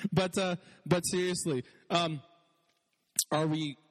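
High-voiced, chatty male preacher. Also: long reverb tail. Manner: casual, chatty, laughs often, lots of "like". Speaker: pastor. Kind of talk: sermon.

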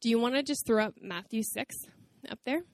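A woman in her late twenties, a preacher giving a chatty, animated sermon intro to a church audience. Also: on the high side, brisk, creaky, dry recording. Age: 20s. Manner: chatty, animated, laughing storyteller. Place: church stage before audience.

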